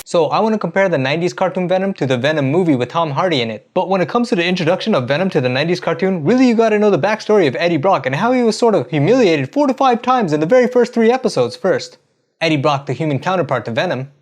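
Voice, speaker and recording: A man's voice: high-pitched, lively intonation. A man narrating a comedic parody recap of a cartoon in a casual, slangy way. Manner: casual slangy delivery, jumping between quick voices.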